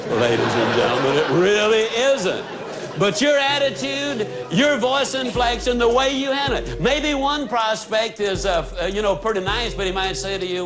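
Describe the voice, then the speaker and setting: A man giving a folksy, emphatic motivational speech to a live audience of salespeople, dropping his voice low for effect. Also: big pitch swings, normal speed. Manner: folksy and emphatic, with sudden dramatic drops in voice. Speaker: motivational speaker. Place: stage before a live audience. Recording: music playing behind the voice. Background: background music.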